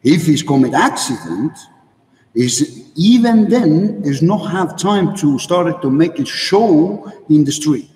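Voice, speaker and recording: A man with a fairly high voice that rises and falls a lot, speaking in halting, broken English. He talks bluntly and swears freely. He is recorded from well back in a big room with a long echo. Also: animated, darkish tone. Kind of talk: opinionated monologue. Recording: echoey hall, mic far off.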